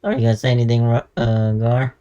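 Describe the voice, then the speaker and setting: A man's voice: mid-range voice, little pitch movement, fast, mellow, highs cut off. A man running a tabletop game as game master, narrating and guiding the players, with laughing asides.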